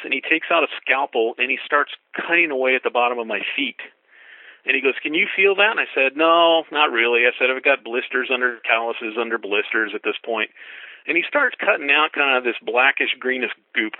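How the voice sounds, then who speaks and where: A man's voice: medium pitch, brisk, dry recording. A middle-aged man, a thru-hiker guest, telling a long anecdote and acting out the dialogue with a lifted voice on the quotes. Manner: lively, acts out dialogue with rising voice for quotes. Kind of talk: storytelling anecdote. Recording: tinny phone-line recording.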